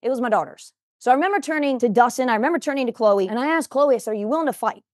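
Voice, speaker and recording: A woman's voice: high-pitched, lively intonation, racing, dry recording. A woman in her forties gives a motivational talk in a studio, speaking emphatically and addressing viewers directly.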